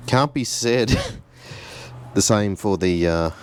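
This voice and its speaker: Deep-voiced man explaining car work. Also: takes it slowly, a little hiss or hum. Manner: relaxed, chatty, self-deprecating, with easy chuckles. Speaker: home mechanic host. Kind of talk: casual how-to narration.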